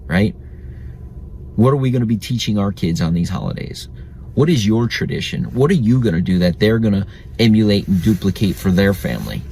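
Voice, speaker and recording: Male podcast host, lowish voice, relaxed storyteller, faint hiss under it. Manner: chatty, reflective, laughs at his own stories.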